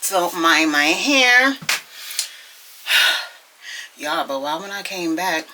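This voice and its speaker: A young woman chatting to her viewers at home, telling a story in an animated, gossipy way and calling them y'all. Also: sits low, a little hiss or hum. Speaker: vlogger. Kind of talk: casual chatty vlog storytelling. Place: at home, indoors.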